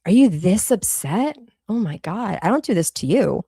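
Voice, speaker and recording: A woman's voice: mid-range voice, very animated, moderate pace, creaky, dark tone, husky, no room sound, studio quality. A woman with a Boston accent hosting a casual commentary livestream, blunt and sarcastic, swearing freely. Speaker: livestream host.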